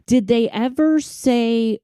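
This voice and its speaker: A woman's voice: fairly high pitch, slow, dark tone, no room sound, clean studio sound. A woman hosting a podcast interview, laughing along and asking follow-up questions in a casual chat. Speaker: podcast host.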